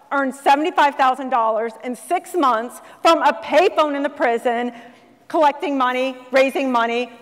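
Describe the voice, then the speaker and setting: A middle-aged woman speaking at a conference, telling a story to an audience in a lively way and acting out the voices of the people in it. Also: high voice. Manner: animated, acts out quoted voices. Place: large conference hall. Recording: long hall reverb.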